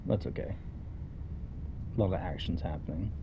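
A let's play gamer works through a story game, casually reading every character's dialogue aloud himself. His voice sits low and gravelly at a moderate pace, with background noise present.

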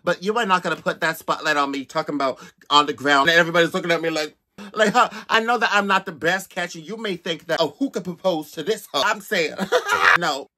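A man hosting a reaction video, talking in a sassy, expressive way and exclaiming loudly at the clips. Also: fairly high pitch, brisk. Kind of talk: casual reaction commentary.

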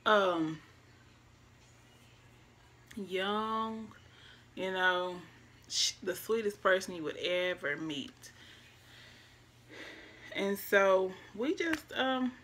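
Soft-spoken woman with a bright voice. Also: mid-range voice, lively intonation, very slow, long pauses. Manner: soft-spoken, reflective, talks straight to viewers. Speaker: vlogger. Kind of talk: casual story time.

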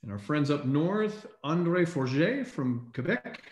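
A man co-hosting a live online recognition event, reading out names in an upbeat way and often clearing his throat, speaking over a video call. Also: a little high, big pitch swings, slow pace, darkish tone. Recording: echoey room on a video call.

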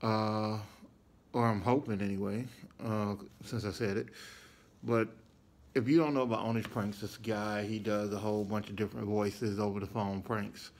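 A man's voice: lowish voice, level tone, moderate pace. A man hosting a reaction video, giving laid-back, slangy, amused asides about a prank call. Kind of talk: casual reaction commentary.

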